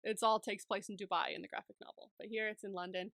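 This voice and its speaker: A woman's voice: medium pitch, fairly even intonation, fast talker, vocal fry, fairly bright tone, dry recording. A woman co-hosting a podcast, recapping a movie in casual chat, laughing often and swearing freely.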